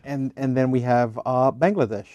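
A man's voice: mid-range voice, moderate pace, dark tone, no room sound. A man co-hosting a casual podcast, making laid-back, dry remarks. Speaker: podcast co-host. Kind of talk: casual chat.

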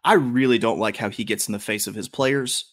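A Louisiana man with a Southern accent hosts a casual sports podcast, ranting in an animated, heavily profane way. His voice is fairly low and a little fast.

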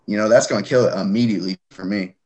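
A young man co-hosting a podcast in casual chat, goofy and halting, often repeating himself. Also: on the low side, a little mellow. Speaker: podcast co-host.

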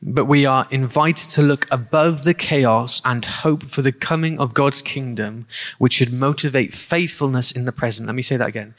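A man preaching a sermon and leading a prayer, earnest and halting, often repeating words. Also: mid-range voice, fairly even intonation, a bit bright, long reverb tail. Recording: faint guitar music behind.

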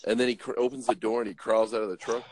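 A man's voice: mid-range voice, little pitch movement, quick pace, a little mellow, no echo. A man who drives trucks, telling jokey, rambling stories in a casual chat. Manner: rambling, jokey, lots of uh and restarts. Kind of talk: casual joking storytelling.

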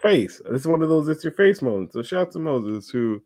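A man's voice: on the high side, normal speed, dry recording. A young man co-hosting a podcast, telling stories in a casual chat, laughing often and acting out the people in them. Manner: animated storyteller, acts out voices, laughs often. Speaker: podcast co-host.

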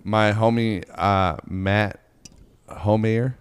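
A man's voice: on the low side, steady tone, extremely slow, clear, resonant tone, dry recording. A man hosting a podcast in casual chat, rambling and stammering as he talks. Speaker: podcast host.

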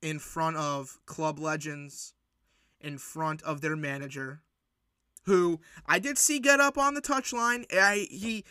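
A man hosting a solo sports podcast, recapping matches in an excitable, rambling way with lots of fillers and restarts. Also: on the high side, no echo, clean studio sound. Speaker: podcast host.

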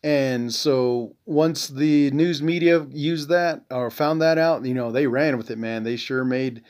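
A Navajo Nation veteran who hosts a podcast speaks in a medium-pitched, darkish voice at a slightly slow pace. His casual monologue is blunt and profane, peppered with "you know."

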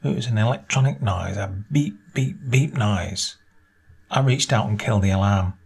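Husky male story narrator. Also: darkish tone. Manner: measured storytelling, voices dialogue with small pitch lifts. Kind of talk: reading a short story aloud.

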